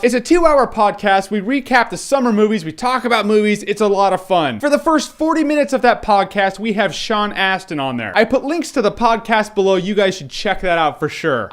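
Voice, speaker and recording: High-voiced, animated male movie reviewer. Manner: animated, slangy, acts out quotes. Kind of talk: casual video review.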